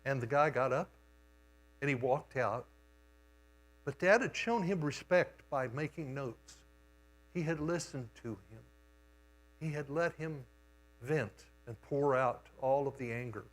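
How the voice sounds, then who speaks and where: An older male guest preacher with a mid-range voice delivers a storytelling sermon in a church sanctuary. He takes a leisurely, unhurried pace, telling homespun stories punctuated by pauses.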